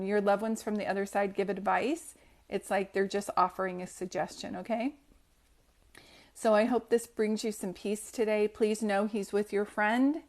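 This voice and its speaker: Gentle reassuring woman medium. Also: medium pitch. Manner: gentle, reassuring, hesitant with many fillers. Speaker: psychic medium on a livestream. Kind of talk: casual live reading.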